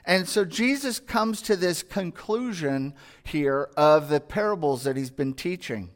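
Earnest high-voiced man preaching slowly. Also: animated. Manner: earnest, conversational, acts out everyday dialogue and asks rhetorical questions. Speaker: pastor. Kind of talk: sermon.

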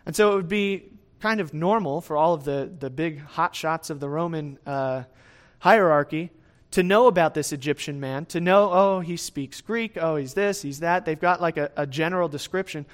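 A man preaching a sermon in a conversational way, often checking in with his listeners. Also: on the high side. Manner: lively swings in loudness, speeds up and slows down. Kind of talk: sermon, verse-by-verse teaching.

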